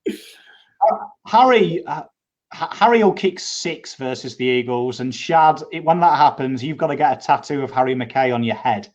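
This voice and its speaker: A man's voice: medium pitch, expressive, moderate pace. A man co-hosting a casual footy chat, with laid-back, joking banter. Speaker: co-host. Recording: muffled lo-fi remote line.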